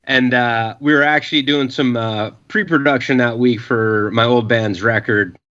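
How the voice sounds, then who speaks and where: Rambling, profane male storyteller, bright tone, muffled lo-fi recording. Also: mid-range voice, steady tone, normal speed. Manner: rambling, profane, many filler uhs, acts out quotes. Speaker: podcast guest. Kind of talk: casual storytelling.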